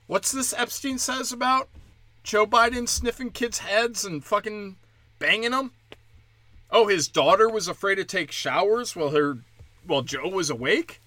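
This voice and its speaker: A man's voice: sits high, animated, moderate pace, bright, forceful tone, no echo. Tense, heated man ranting. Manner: profane, heated, slips into mocking voices. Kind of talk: ranting monologue.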